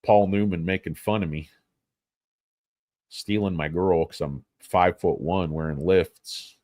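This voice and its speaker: A man's voice: low-pitched, steady tone, measured pace, a little mellow, dry recording, clean studio sound. A man hosting a casual stock trading livestream, rambling and joking as he talks. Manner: rambling, joking, bouncy delivery.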